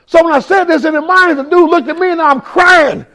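A man in ministry giving a testimony sermon, telling his story in a raw, emotional, street-casual way, rising to shouts and speaking directly to the room. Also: very high voice, brisk. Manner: addresses listeners directly in the room.

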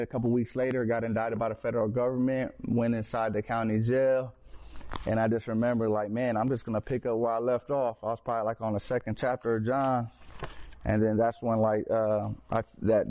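A man telling his personal faith testimony in casual storytelling, earnest, with street slang and frequent restarts. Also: mid-range voice. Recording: slightly dull lo-fi recording.

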